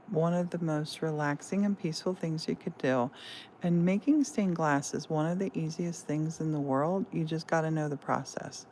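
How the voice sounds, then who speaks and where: A woman with a low voice and a mellow, warm tone leads a live craft demonstration from her studio. She talks in a chatty way, walking through each step and greeting viewers as they join. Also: a little hiss or hum. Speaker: stained glass artist and host.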